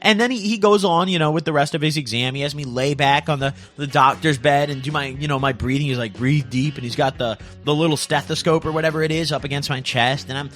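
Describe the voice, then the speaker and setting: A man's voice: fairly high pitch, fast talker, hardly any pauses, fairly bright tone, faint music behind. A young man telling a comic story in a casual, slangy way, tagging lines with "bro" and "dude".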